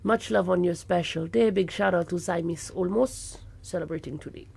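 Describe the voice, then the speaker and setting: A woman's voice: lowish voice, moderate pace, vocal fry, a little mellow, husky. A woman hosting a radio show, teasing and laughing often. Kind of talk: casual radio chat.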